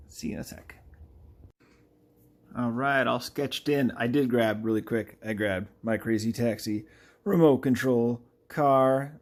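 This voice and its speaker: Chatty man at the drawing desk. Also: medium pitch. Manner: chatty, animated, playfully does game character voices. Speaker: artist streaming a live drawing session. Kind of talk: casual chat while drawing.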